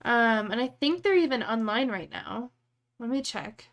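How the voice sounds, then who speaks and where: A woman with a slightly high-pitched voice talks loosely to her viewers. She rambles and thinks aloud, with lots of easy, chatty asides. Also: animated, unhurried, fairly bright tone. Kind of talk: casual live-stream chat.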